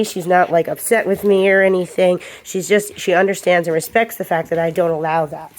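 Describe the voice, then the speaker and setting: A woman's voice: lowish voice, steady tone, normal speed, hardly any pauses. A woman dog trainer explaining a lesson to viewers while she works a puppy, giving firm short commands in between. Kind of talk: hands-on training demonstration.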